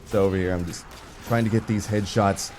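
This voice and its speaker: A young man giving casual, rambling commentary over his gameplay footage, full of fillers and excited asides. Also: lowish voice, a little fast, slight background noise. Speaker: gaming video creator.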